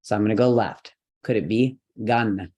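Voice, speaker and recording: With a fairly low, dark voice at a moderate pace, this yoga and mantra teacher guides an online chant lesson. He explains the rules patiently, step by step, and now and then gives a light laugh.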